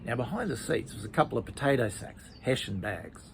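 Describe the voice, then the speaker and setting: A man reading a children's story aloud, chatty, with asides and hushed passages. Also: mid-range voice, very animated, a little fast, gravelly, background noise.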